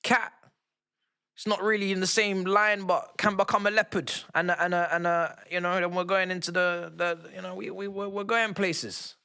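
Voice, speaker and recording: A young man, giving excitable and slangy live commentary as he watches a football match with his stream. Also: high-pitched, moderate pace, gravelly, clear, resonant tone. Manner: excitable, slangy, shouting at goals. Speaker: fan streamer.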